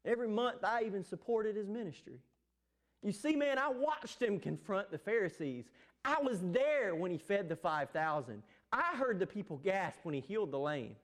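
A preacher reciting Lazarus, earnest and high-pitched. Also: male voice, sing-song, normal speed. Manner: recited earnestly, as a song lyric. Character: adult male Lazarus, earnestly recalling his friend.

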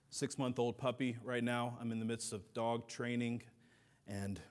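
A middle-aged man preaching a sermon as a pastor, earnest, building to emphatic peaks and dropping soft. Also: medium pitch.

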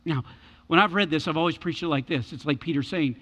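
A man preaching a sermon as pastor, animated and repeating his key words for emphasis. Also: on the high side, fast talker, in a large hall, lo-fi sound.

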